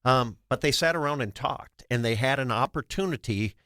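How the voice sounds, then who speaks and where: An older man, a veteran guest, speaking in a measured, explanatory way and posing questions to the listener. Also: mid-range voice, sharp tone, no room sound, studio quality. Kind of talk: interview explanation.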